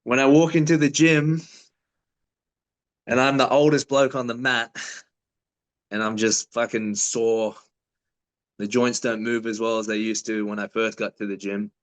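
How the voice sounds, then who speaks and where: A man's voice: mid-range voice, little pitch movement, measured pace, pauses often, rough recording. A man in his thirties, a fighter, telling stories in a casual interview with a laid-back, swearing manner.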